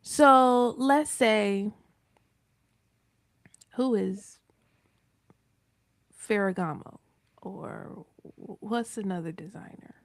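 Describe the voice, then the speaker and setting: A woman's voice: mid-range voice, extremely slow, gravelly, long pauses, no echo. A woman with a North Carolina Southern accent talking on a live business show, emphatic and acting out quoted speech in changing voices. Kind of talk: casual chat on a live broadcast.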